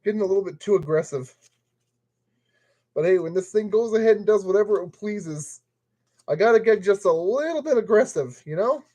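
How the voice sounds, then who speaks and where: A man's voice: high-pitched, lively intonation, fairly quick, warm tone. A man building a model kit and commenting casually as he works, playfully talking to the parts. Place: at a work table.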